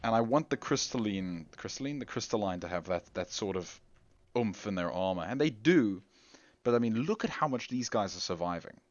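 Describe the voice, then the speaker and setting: A man's voice: lowish voice, animated, fairly quick, no echo. A man commenting casually on his gameplay, rambling and chuckling at himself. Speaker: gameplay video host. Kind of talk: casual let's-play commentary. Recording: dull lo-fi audio with faint game music.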